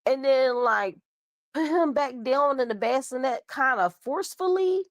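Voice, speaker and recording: A woman's voice: high-pitched, expressive, moderate pace, dry recording. A young woman host with a cold, stuffed up, casually reading out a news story and stumbling over words. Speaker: show host.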